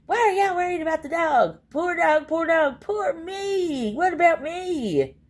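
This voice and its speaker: A woman's voice: animated, a little slow. A woman mimicking a whiny self-pitying lady. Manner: whiny, sobbing, high-pitched mockery.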